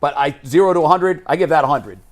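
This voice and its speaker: A man's voice: fairly high pitch, quick pace. Emphatic sports talk host, a man.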